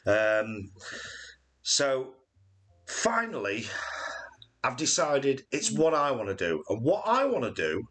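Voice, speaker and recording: A man's voice: mid-range voice, wildly swooping pitch, takes it slowly, pauses often, a bit bright. A man in his late forties, co-hosting a live Q&A stream with a joking, rambling manner full of fillers. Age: 40s. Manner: jokey and rambling, with many fillers. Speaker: channel co-host.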